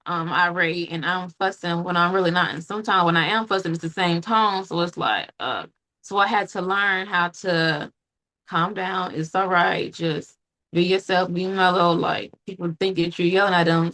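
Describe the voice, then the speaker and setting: A woman hosting a casual podcast conversation, talking earnestly and reflectively in quick bursts. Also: fairly low pitch, a bit bright. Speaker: podcast host.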